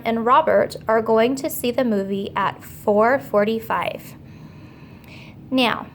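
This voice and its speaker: A female teacher leads an online grammar lesson for small children, explaining each step slowly, clearly and patiently. Her voice sits fairly high, and there's a faint hiss or hum.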